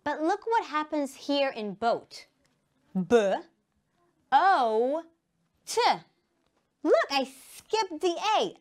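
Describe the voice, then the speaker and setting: Woman, Israeli accent, high voice, slow and carefully enunciated, children's English lesson. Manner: slow, emphatic, enunciating words for children to repeat. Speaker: English teacher. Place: studio.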